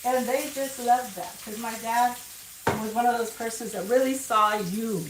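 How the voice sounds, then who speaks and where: An older woman with a voice on the high side runs an informal cooking show from her home kitchen, talking unhurriedly with fairly even intonation and wandering into family anecdotes. The mic sits far away in an echoey kitchen, picking up the sizzle of frying food.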